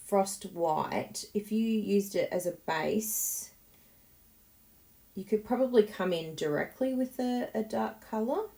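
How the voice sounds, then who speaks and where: With a warm, gravelly, lowish voice, a woman talks casually through a card-making tutorial while she works, encouraging viewers and thinking out loud.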